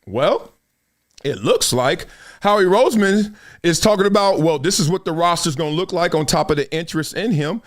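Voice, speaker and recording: A man hosting a live sports talk show, giving opinionated commentary in a slangy, animated manner and laughing often. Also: on the high side, normal speed.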